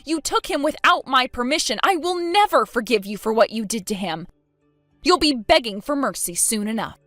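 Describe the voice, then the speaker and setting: A woman's voice: fairly high pitch, very animated, brisk, a bit bright, dry recording, faint music behind. A woman reading a texting story as the daughter-in-law, with a cold, accusing and sarcastic manner. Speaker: narrator voicing the daughter-in-law.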